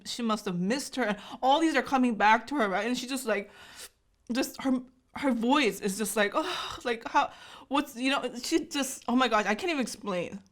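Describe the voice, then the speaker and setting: A woman in her thirties, a native Korean speaker, giving an emotional, gushing reaction commentary full of fillers. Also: on the high side. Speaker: YouTube host.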